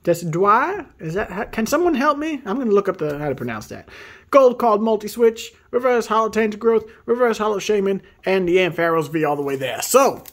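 A man hosting a video where he opens trading card packs, reading off each card and breaking into excited high exclamations at the good ones. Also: a little fast. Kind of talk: casual pack-opening commentary.

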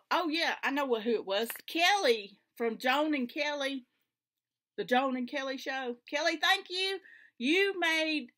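Southern woman, casual craft vlog, enthusiastic, homey, bright voice. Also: fairly high pitch. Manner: chatty, homey and enthusiastic, with colloquial grammar. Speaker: flosstube vlogger. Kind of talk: casual chat to camera. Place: home craft room.

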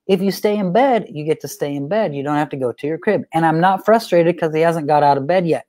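A man teaching about parenting in a conversational way, an animated storyteller who repeats phrases for emphasis. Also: fairly high pitch, no echo. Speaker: guest speaker on parenting.

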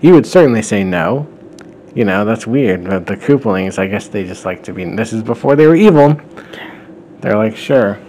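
A man hosting a podcast, casually recapping a fan story series, chatty and often laughing and clearing his throat. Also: on the low side, lively intonation, normal speed, mellow, slight background noise. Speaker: podcast host.

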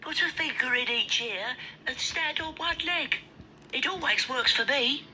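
Woman voicing a friendly puppet pal, higher voice, coaxing, a bit off mic, music behind. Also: expressive, measured pace.

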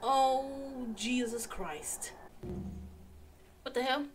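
A woman's voice: sits high, lively intonation, moderate pace, very noisy. A woman with a Southern US accent hosting a horror game let's play, jumpy and exclaiming as she talks back to the game. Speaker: gaming channel host.

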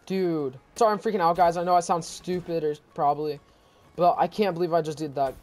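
A man giving excited gameplay commentary as a gaming YouTuber, stumbling over his words and repeating exclamations in disbelief. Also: on the high side, brisk.

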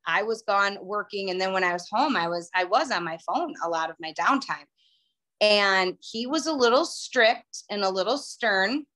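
A woman's voice: mid-range voice, pushed and bright. A middle-aged woman telling her personal story to a group, chatty and emotional. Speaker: guest speaker.

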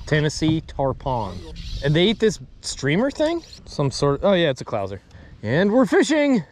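Jokey fishing vlog guy, kinda high voice, laid back banter. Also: huge pitch swings, moderate pace. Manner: joking, easygoing, laughs often. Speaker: fly fishing video host. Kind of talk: casual vlog narration and on-river banter.

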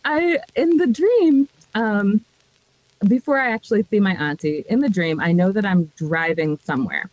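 Lively animated woman telling a story. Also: medium pitch, moderate pace, no echo, rough recording. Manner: animated, laughing often, acts out voices in her story. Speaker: podcast guest telling a story. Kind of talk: casual storytelling chat.

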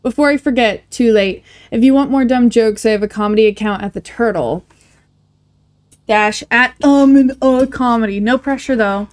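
A woman hosting a let's play, reading game messages aloud in a casual way, with quick asides. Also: on the high side. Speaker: gaming channel host.

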